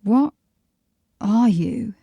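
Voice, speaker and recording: A woman's voice: fairly high pitch, animated, very slow, gravelly, warm tone, breathy edge, dry recording, lo-fi sound, full character voice. A woman reading a bewildered young woman. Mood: puzzled. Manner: questioning, bewildered. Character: puzzled young woman with no memory. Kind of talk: audiobook character voice.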